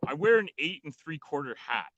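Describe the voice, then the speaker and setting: A male guest on a stream speaks with a bright, forward tone, and the recording is close and dry. He is blunt and wry and swears casually, at a middle pitch. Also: very animated, fairly quick, dry recording, muffled recording. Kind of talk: casual chat.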